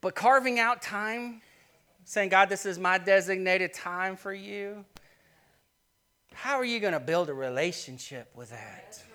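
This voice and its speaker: A man preaching a sermon in a church, playful and building to shouted emphasis. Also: high-pitched, lively intonation, measured pace. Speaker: pastor. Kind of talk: sermon with acted skit. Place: church sanctuary.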